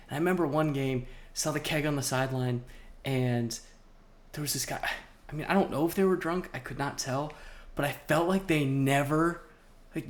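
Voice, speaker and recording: A young man co-hosting a podcast, telling sports stories in a rambling, casual way with lots of fillers. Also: fairly high pitch. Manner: rambling, animated storytelling with frequent fillers. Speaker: podcast co-host. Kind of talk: casual chat.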